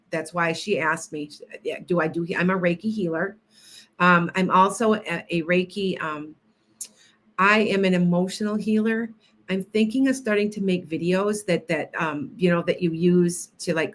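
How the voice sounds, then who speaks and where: A woman's voice: lowish voice, unhurried, a bit bright. Rambling, chatty woman livestream host. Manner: rambling and chatty, greeting viewers by name between stories. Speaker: psychic healer and livestream host. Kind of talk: casual livestream chat with viewers.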